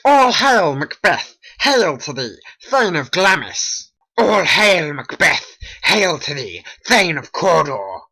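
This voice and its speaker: A hobby voice actor voicing old witches in a homemade stop-motion play, chanting in a slow, drawn-out way. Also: medium pitch, sing-song, gravelly, bright, forceful tone, husky, exaggerated voice, poor audio. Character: cackling weird sisters, old witches. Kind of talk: homemade animation voice acting.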